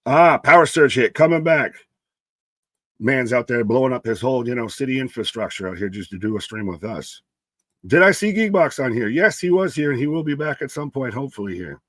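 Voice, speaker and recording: A man's voice: medium pitch, animated, fairly quick, a bit bright, no room sound. A young man co-hosting a live wrestling stream, chatting casually and reading out viewer comments by name. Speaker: co-host of a live wrestling watch-along stream.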